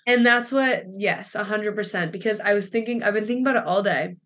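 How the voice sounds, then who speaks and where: A woman's voice: medium pitch, a little fast, a bit bright. Woman, 20s, podcast co-host; rambling, filler-heavy storyteller, emotional edge. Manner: rambling, filler-heavy retelling with quoted dialogue. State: emotional, near tears. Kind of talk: casual chat, storytelling.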